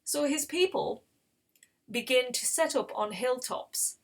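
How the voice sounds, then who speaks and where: A woman's voice: sits high, expressive, slow, gravelly. A woman hosting a Bible reading channel, retelling scripture in a casual, conversational way with explanatory asides.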